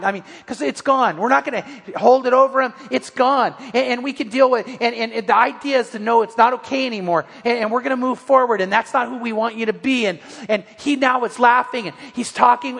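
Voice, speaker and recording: Earnest high-voiced pastor in a reverberant hall. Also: male voice, brisk, creaky, few pauses. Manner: earnest, repeats words in restarts, drops soft for stories. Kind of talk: sermon. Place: church sanctuary.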